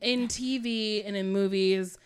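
A woman's voice: mid-range voice, steady tone, a little slow, smooth. A woman co-hosting a casual podcast, opinionated, with hesitant restarts as she speaks. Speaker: podcast co-host. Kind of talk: casual chat.

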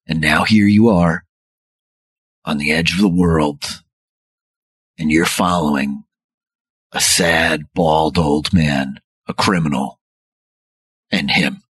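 Man doing a low, sneering captive. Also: steady tone, slow pace, long pauses, fairly bright tone, breathy edge, no room sound, clean studio sound, exaggerated voice. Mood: contemptuous. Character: sneering calm older man, captive, menacing.

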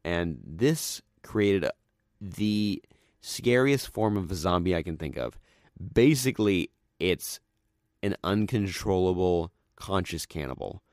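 A young man chatting casually and retelling stories with lots of fillers, dropping into a low, quiet voice when he quotes characters. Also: lively intonation, takes it slowly, dry recording, studio quality.

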